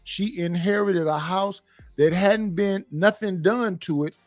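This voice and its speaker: A middle-aged man with a notably high voice speaks bluntly on a panel, cursing freely and rambling through stops and restarts. The sound is dry and close, with faint music underneath. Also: measured pace, no room sound. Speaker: panel guest. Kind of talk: casual opinion talk.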